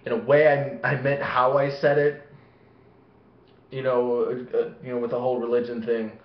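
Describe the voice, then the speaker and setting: A man's voice: mid-range voice, little pitch movement, normal speed. A man telling rambling, profane stories to the camera, often laughing at his own tales. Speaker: vlogger. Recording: echoey room, dull lo-fi sound.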